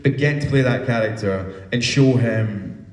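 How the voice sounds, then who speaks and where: A man answering fans' questions at a convention panel, telling lively anecdotes with casual swearing. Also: mid-range voice, moderate pace. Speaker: guest actor answering fan questions. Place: large convention hall. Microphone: distant from the recording device. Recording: roomy hall sound, distant mic.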